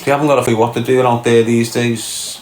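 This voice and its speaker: A man's voice: medium pitch, little pitch movement, fairly quick, roomy sound, heavy background noise. A man hosting a casual livestream, answering chat comments with brash, sweary, mocking banter.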